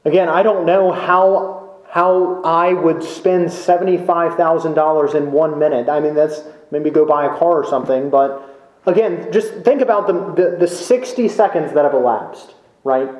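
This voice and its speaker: A man preaching a sermon in a church, slow and emphatic, with many rhetorical questions. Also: fairly high pitch, darkish tone, echoey room, rough recording. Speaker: pastor. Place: church sanctuary.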